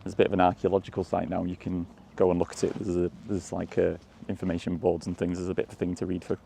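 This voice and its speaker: A man's voice: deep voice, monotone, fast, vocal fry, mellow, a little hiss or hum. A man chatting casually as he walks outdoors through countryside, rambling and chuckling. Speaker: walking tour vlogger. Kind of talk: casual walking commentary. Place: countryside fields and lanes, outdoors.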